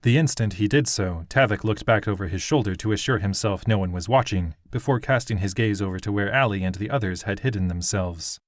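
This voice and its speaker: A man narrating a fantasy audiobook in a steady, even storytelling manner. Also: fairly low pitch, fairly quick, hardly any pauses, dry recording, clean studio sound.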